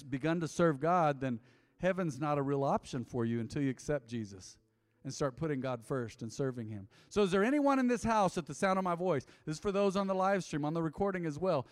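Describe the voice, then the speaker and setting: A middle-aged man preaching as a pastor, telling a confessional story with jokes, then leading an altar call, his voice swinging from loud to hushed. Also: a little high, expressive, brisk. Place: church sanctuary. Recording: long hall reverb.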